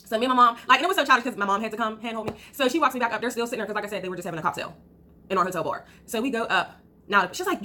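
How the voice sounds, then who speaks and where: A woman vlogger telling a casual storytime, animated and acting out what people said. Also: fairly high pitch, racing, a little hiss or hum. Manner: animated, acts out quotes, trails off with blah blah.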